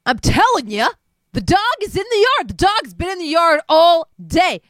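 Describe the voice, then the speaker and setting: A man's voice: very high-pitched, big pitch swings, a little slow, pushed and bright, no room sound, studio quality, pitched above the performer's own voice, full character voice. A woman doing a stubborn defensive neighbor. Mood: defensive insisting. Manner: insistent, excuse-making, drawling. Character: defensive stubborn male neighbor, dog owner.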